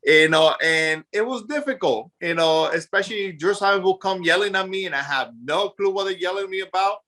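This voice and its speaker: This is a man in his forties with a Puerto Rican accent, talking as a guest on a podcast. He tells stories in an animated way and acts out the voices of people from his past, filling the gaps with "you know." His voice is bright and sits a little high for a man. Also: a little fast. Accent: Puerto Rican Spanish. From Puerto Rico. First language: Spanish. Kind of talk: casual storytelling interview.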